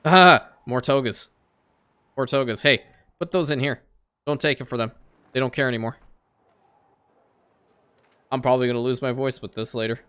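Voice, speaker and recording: His bright, ringing, resonant voice is mid-range and clear, with a steady tone, a slightly fast pace, and long pauses. This gameplay commentator casually narrates a strategy game let's-play, muttering along and addressing the game directly, occasionally bursting into loud, exasperated rants.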